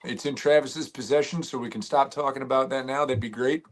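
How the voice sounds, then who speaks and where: A man's voice: medium pitch, steady tone, a little fast. A man co-hosting a fishing livestream who teases the others and tells a funny story. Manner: teasing, storytelling. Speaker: co-host. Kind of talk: casual live-stream chat.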